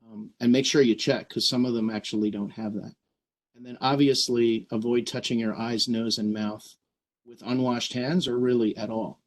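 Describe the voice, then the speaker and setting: A man's voice: medium pitch, fairly even intonation, moderate pace. A man leading a troop meeting over a video call, explaining things earnestly and often checking in with "right?". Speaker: scout troop leader. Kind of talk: virtual meeting presentation.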